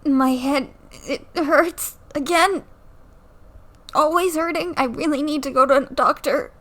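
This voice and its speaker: A woman's voice: high voice, measured pace, a bit bright. A young woman casually commenting on a game at home into a new mic, playfully reading the dialogue aloud and joking about it. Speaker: let's play creator. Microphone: new desktop mic.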